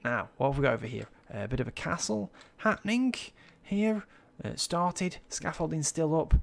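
Gravelly-voiced man doing chatty game commentary. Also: on the high side, expressive, moderate pace. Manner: chatty, admiring, many ums and uhs. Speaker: Minecraft server tour host. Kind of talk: casual gameplay commentary.

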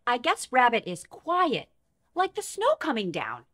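A young adult woman hosting a toddler learning show, talking in an animated, exaggerated, sing-song way that swings between loud calls and whispers. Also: fairly high pitch, measured pace. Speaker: children's show host and teacher. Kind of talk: teaching toddlers first words. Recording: music playing behind.

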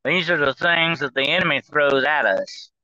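A man's voice: on the high side, normal speed, bright, forceful tone, no echo, highs cut off. A man talking as a guest on a call-in style show, rambling, with many fillers and restarts. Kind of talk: casual talk-show discussion.

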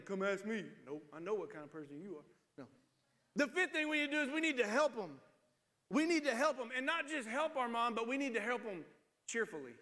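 A pastor in his forties preaches a sermon in a church sanctuary, telling humorous stories and acting out different voices. His voice is high-pitched with a sharp tone, echoing in the large hall.

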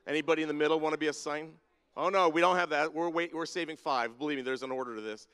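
Leading a lighthearted congregation activity, a fast-talking man with a high-ish, slightly bright, clean voice teases people and summons them by name. The setting is a large church sanctuary with a balcony and spotlights, and the recording carries a big hall's long reverb.

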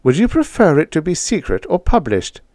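A man's voice: fairly high pitch, wildly swooping pitch, normal speed, darkish tone, no room sound, studio quality, pitched above the performer's own voice. A man voicing an anxious older woman scientist who speaks breathlessly, in a storybook reading. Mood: inquiring.

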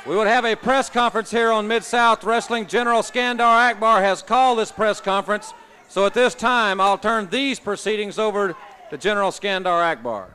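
A man's voice: sits high, normal speed, bright, forceful tone. A man announcing as a wrestling ring announcer, formal and declaiming. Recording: arena crowd and noise.

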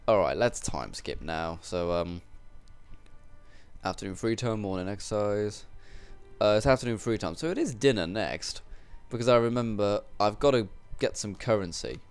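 A man's voice: fairly low pitch, lively intonation, moderate pace, clean tone, soft background music. A young man casually commentating a video game, joking and rambling with crude asides. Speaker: gameplay commentator. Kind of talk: casual let's-play commentary.

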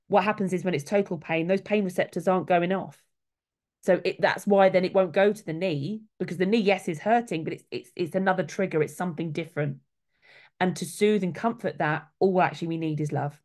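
A woman's voice: lowish voice, fairly quick, a little mellow. A middle-aged woman, a soul midwife, talking casually and earnestly, with quoted voices acted out along the way. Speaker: soul midwife, guest speaker.

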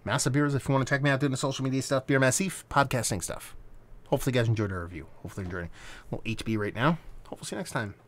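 A man's voice: mid-range voice, very fast, slight background noise. A man reviewing a beer on camera in a casual, rambling way, swearing now and then. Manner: animated, rambling, swears freely.

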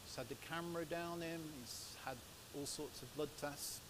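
A man's voice: a little high, moderate pace. English man preaching over hiss. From England. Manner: chatty, anecdotal storytelling. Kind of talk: sermon with personal stories. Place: church. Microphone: microphone. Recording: steady background hiss.

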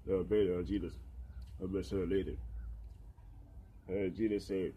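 A man with a very low, dark voice preaches his testimony in halting, repetitive bursts, stopping often on filler sounds. A faint noise hangs under the recording. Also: level tone. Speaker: street preacher.

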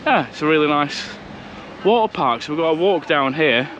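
A man's voice: a little high, animated, normal speed, a bit bright, muffled recording, a little hiss or hum. A man chatting casually and rambling a bit as he vlogs a seafront walk, recorded outdoors on a handheld action camera. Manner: chatty and rambling, with easy laughs. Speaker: vlogger. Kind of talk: casual walking vlog. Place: outdoors on a seaside promenade.

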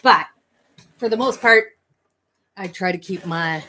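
A woman's voice: on the low side, unhurried, sharp tone. A Canadian woman hosting a fiber arts livestream, chatting casually with viewers in a rambling way and laughing often. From Manitoba, Canada.

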